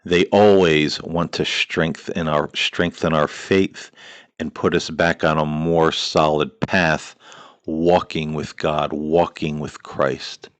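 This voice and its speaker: Man, very low voice, earnest spiritual talk-show host, preacherly listing cadence, lots of uh and you know, dry close sound. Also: flat delivery, slow pace, no echo. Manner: earnest, repetitive lists, frequent "uh" and "you know".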